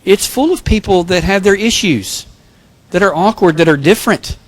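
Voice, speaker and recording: A man's voice: high-pitched, expressive, moderate pace, dry recording. A male pastor giving a sermon, telling jokes and self-deprecating personal stories. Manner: joking, self-deprecating storyteller.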